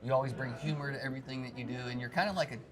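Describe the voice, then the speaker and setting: A man's voice: mid-range voice, rapid-fire. A man hosting an interview at a busy conference, upbeat and joking. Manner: upbeat, joking, laughs easily. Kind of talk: casual convention interview. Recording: loud crowd noise at event.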